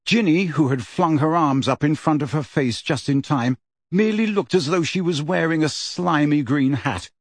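Measured male audiobook narrator. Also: on the high side, dry recording, studio quality.

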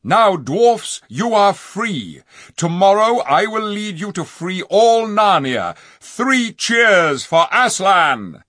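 A man's voice: high-pitched, sing-song, takes it slowly, pushed and bright, dry recording, clean studio sound, pitched above the performer's own voice, exaggerated voice. A man voicing a proud, hot-tempered young king who speaks in a formal, lofty way. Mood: indignant.

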